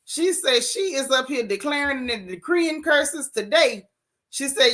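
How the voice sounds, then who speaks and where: A woman with a high, unhurried voice hosts a gossip talk stream, reading comments and chatting casually and animatedly. She addresses her chat directly with "y'all," "baby," and "honey."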